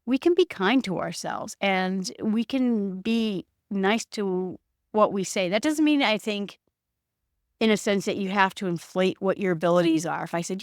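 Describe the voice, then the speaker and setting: A woman's voice: mid-range voice, animated, measured pace, no echo, clean studio sound. A woman hosting a solo podcast, talking through her own thoughts in a reflective way and acting out the voice in her head. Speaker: podcast host. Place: home setup recorded on video.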